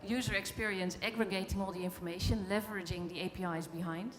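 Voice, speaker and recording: A woman speaking on a conference panel, measured and plain in how she argues her point. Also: medium pitch, steady tone, faint music behind. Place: conference stage in a large hall. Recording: long hall reverb from a PA.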